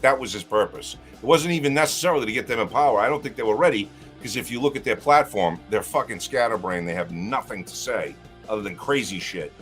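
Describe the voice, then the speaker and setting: Low-voiced guy ranting, opinionated and swearing, faint music in the background. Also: fast talker, few pauses. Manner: profane, opinionated, jokey. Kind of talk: casual chat.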